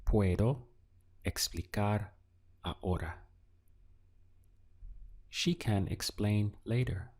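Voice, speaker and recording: A man teaching a recorded language lesson, asking slow, deliberate questions and pausing for the learner to answer. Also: lowish voice, a little mellow. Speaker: Spanish teacher.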